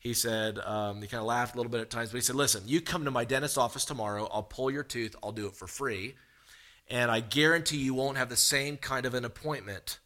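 A man's voice: medium pitch, steady tone, brisk, pushed and bright. A man preaching a sermon, telling a long personal story with humor and animation.

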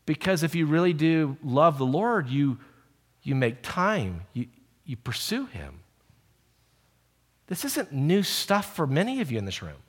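A middle-aged man preaching a sermon, telling stories and moving from hushed asides to emphatic calls. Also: on the high side, sing-song, measured pace, pauses often, breathy edge, big-room sound. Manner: storytelling, shifts from hushed to emphatic.

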